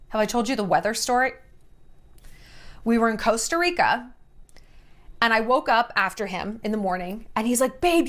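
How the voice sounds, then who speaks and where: Brief: expressive woman storyteller, lively pitch, candid and blunt, swears. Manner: animated, acts out voices in quotes. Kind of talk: casual storytelling to camera.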